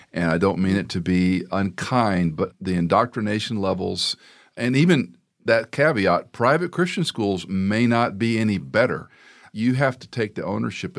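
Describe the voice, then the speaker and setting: Middle-aged male pastor-host, very low voice, earnest and folksy in conversation. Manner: earnest storytelling, folksy asides. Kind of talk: conversational interview.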